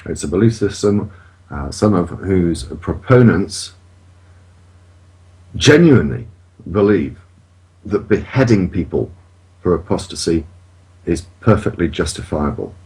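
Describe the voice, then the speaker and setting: A man's voice: low voice, expressive, measured pace, pauses often, darkish tone. A man on a podcast, talking in an indignant, emphatic way and swearing freely. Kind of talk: casual chat.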